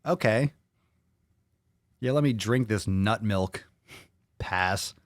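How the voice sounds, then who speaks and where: A man's voice: fairly low pitch, slow pace, dry recording, clean studio sound. A man hosting a podcast, reading viewer comments aloud and reacting to them bluntly, with a lot of swearing. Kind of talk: casual chat.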